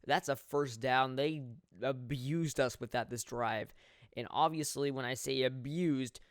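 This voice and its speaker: A young man commentating his own football video game in a mock sports play-by-play style, jokey and laughing at his plays, swelling with excitement on big moments. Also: medium pitch, no echo, studio quality. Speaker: gameplay commentator.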